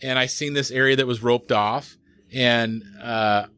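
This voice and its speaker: A man of middle pitch chats casually as a guest on a podcast, unhurried and rambling. He leans on fillers and loose asides as he tells his stories. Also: fairly even intonation, pushed and bright, clear, resonant tone. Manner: rambling, laid-back storyteller with many fillers. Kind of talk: casual chat.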